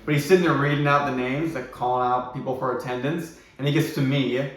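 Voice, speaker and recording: A man's voice: mid-range voice, fairly even intonation, fast talker. A young man telling a story from his own life in a casual, rambling and self-deprecating way, with many fillers and restarts. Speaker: vlogger. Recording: very echoey room.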